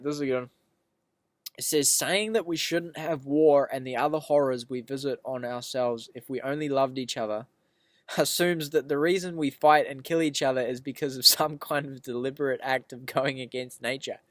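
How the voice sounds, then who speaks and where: A man talks straight to the camera in a loose, unscripted monologue, reading quotes and going off on tangents. He swears freely and leans hard on his points. His voice sits a little higher than most men's, and the sound is dry and close, with no room echo. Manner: rambling, profane, emphatic. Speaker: vlogger.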